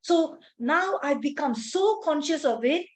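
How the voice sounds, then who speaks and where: High-voiced woman trainer teaching a workshop. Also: animated, unhurried. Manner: storytelling, repeats phrases for emphasis, asks the audience questions. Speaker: stress management trainer.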